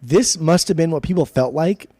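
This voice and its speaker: A man's voice: fairly high pitch, normal speed, warm tone, dry recording, clean studio sound. A man co-hosting a casual podcast, exasperated and swearing freely, often laughing. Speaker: podcast co-host. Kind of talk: casual chat.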